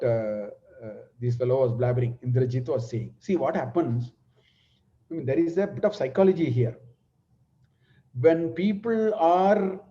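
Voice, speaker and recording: A man teaching a scripture class, explaining Sanskrit verses word by word in an unhurried way. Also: medium pitch, mellow. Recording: dull lo-fi recording.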